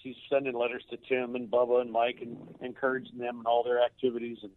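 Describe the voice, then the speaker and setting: The speaker is an older man, once a baseball coach, telling an emotional story over a tinny phone line. His medium-pitched voice is monotone, yet he halts and repeats words as tears come.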